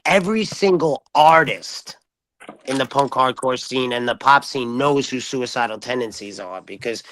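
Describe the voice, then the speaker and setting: A man chatting casually on a group live stream, excitable and rambling with many restarts. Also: mid-range voice, moderate pace, a little hiss or hum. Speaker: stream participant.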